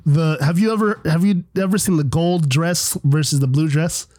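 A man co-hosting a podcast in casual chat, animated, swearing a lot and swinging between a deep voice and a high one. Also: moderate pace. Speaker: podcast co-host.

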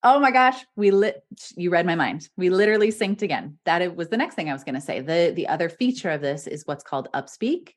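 A woman voice coach hosting a podcast, with a slightly low pitch. She talks in an animated way and laughs often between points. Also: fairly quick, hardly any pauses. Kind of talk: casual podcast conversation.

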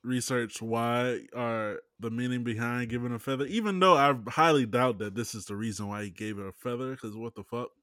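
Man, mid pitch, podcast co-host, easygoing, close dry sound. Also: fairly even intonation, moderate pace, few pauses, a bit bright, no echo. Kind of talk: casual chat.

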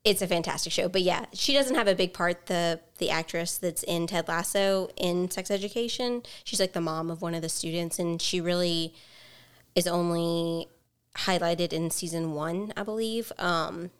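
A woman's voice: fairly low pitch, moderate pace, smooth. A woman co-hosting a casual podcast chat, talking in a hesitant, meandering way with many fillers. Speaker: podcast co-host.

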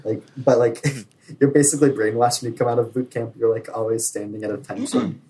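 A man's voice: medium pitch, animated, a little fast, mellow, a little hiss or hum, low-quality recording. A young man, a navy sailor, telling stories in casual chat with many filler likes and frequent laughs.

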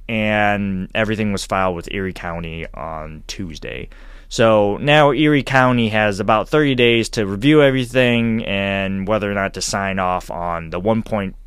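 A man's voice: on the low side, clean tone, no room sound. A man co-hosting a casual sports podcast, talking in a rambling way with lots of restarts and laughs. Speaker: podcast co-host.

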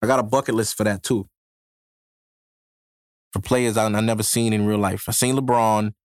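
A male podcast host with a lowish, steady voice delivers a casual solo rant at a moderate pace from his home setup in New York. The dry, close-mic sound has no room echo, and his talk is loose, full of profane street slang, cursing, and frequent laughs.

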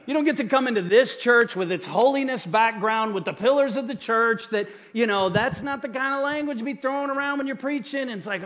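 A man's voice: very high voice, fairly quick, hardly any pauses, fairly bright tone. A middle-aged male pastor preaching from a church stage, telling stories about his own mistakes in a chatty, self-deprecating way with frequent asides to the congregation. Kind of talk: sermon.

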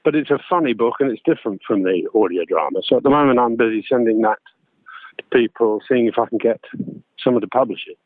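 A man's voice: mid-range voice, fast talker, no room sound. Male narrator as guest, chatty, self-deprecating, phone-line sound, dry. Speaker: guest, voice actor and audiobook narrator. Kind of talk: casual interview chat.

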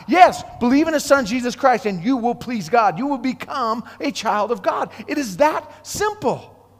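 A man preaching a sermon, animated, swinging between hushed and loud, acting out quotes. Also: very high-pitched, moderate pace, big-room sound.

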